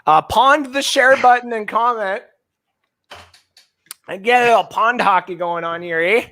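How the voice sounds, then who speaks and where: A man from Canada, in his thirties, co-hosts a sports podcast in a loud, profane rant. His voice sits high and bright. He swings between shouting and low muttering. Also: a little slow. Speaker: fantasy sports podcast co-host. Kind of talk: ranting podcast chat.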